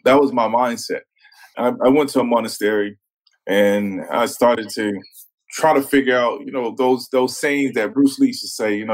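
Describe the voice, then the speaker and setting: A man's voice: mid-range voice, normal speed, rough recording. Laid-back man telling his story. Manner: laid-back, says "man" often, acts out quotes. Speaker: guest, former pro football player. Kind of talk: casual interview storytelling.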